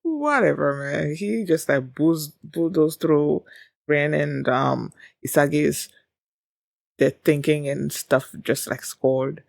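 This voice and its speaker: Gravelly-voiced woman rambling casually. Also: low-pitched, steady tone, takes it slowly, a little mellow, no echo, studio quality. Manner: rambling, full of "like" and "um". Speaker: anime reaction channel host. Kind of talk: casual reaction chat.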